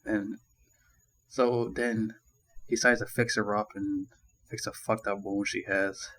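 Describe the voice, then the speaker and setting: A man's voice: fairly low pitch, little pitch movement, a little slow, a bit bright, poor audio. A man giving a casual movie review, rambling and ranting with constant swearing and crude jokes. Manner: crude, profanity-laden rambling; annoyed ranting.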